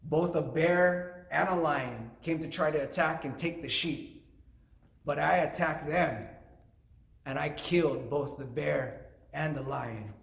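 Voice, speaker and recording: A fiery young shepherd boy who declares his faith with earnest passion, as a man puts him on. The voice sits fairly high and rings in a roomy space. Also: slow, creaky. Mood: confident.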